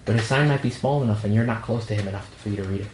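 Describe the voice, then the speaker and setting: A male priest speaks to a young adult group in a relaxed, conversational way. He jokes and slips into quoted back-and-forth exchanges. His voice rings around an echoey room over a faint hiss of background noise. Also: lowish voice, racing. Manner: conversational and humorous, acts out quoted dialogue. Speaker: priest leading a young adult ministry meeting.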